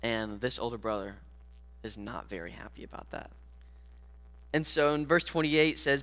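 A man's voice: mid-range voice, moderate pace, pauses often, pushed and bright. A man preaching a sermon earnestly, speaking directly to his listeners as guys.

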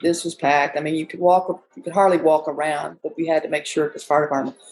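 A woman's voice: deep voice, fairly even intonation, quick pace, a little mellow, low-quality recording. A woman who owns a bar, telling stories in a rambling, folksy way and often quoting people. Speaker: bar owner. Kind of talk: casual storytelling interview.

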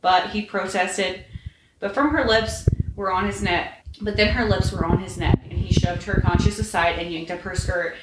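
A woman podcast host reading fan fiction aloud in a steady, plain way. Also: mid-range voice, normal speed. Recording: roomy echo, faint noise.

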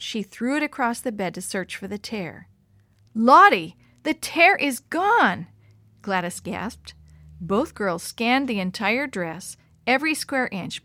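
A woman storyteller reading a children's story aloud in an expressive, animated way. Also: mid-range voice, dry recording.

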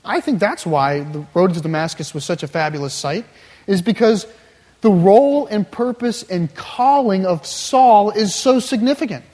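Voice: medium pitch, animated, moderate pace, a little mellow. Emphatic preacher, mid-range voice, builds with repetition; big reverberant hall. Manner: emphatic, builds with repeated phrases. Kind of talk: sermon.

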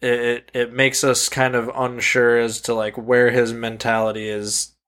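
Man, podcast co-host, casual chat, plain steady delivery. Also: medium pitch, measured pace.

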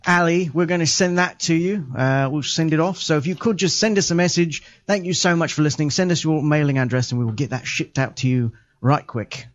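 Jokey podcast host, slightly high voice. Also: male voice, fairly quick, few pauses. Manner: jokey, loose, full of ums. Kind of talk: casual podcast chat. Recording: dull lo-fi audio.

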